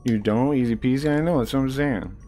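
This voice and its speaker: A man's voice: mid-range voice, a little fast, soft background music. A man streaming live, ranting angrily at people in his chat, swearing and repeating himself. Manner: angry, profane, repeats himself, rising to shouts.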